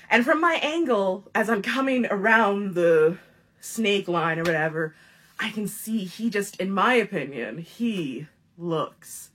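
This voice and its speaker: Husky, animated woman in her thirties. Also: fairly low pitch. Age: 30s. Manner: animated, profane, laughs through her story. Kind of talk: casual comedic storytelling.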